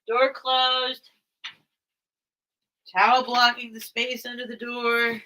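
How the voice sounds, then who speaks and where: A woman's voice: on the high side, flat delivery, slow, bright, forceful tone, a little hiss or hum. A woman hosting a live vintage sale stream, rambling and interrupting herself in casual chat. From grew up by the beach. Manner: rambling, self-interrupting, chatty.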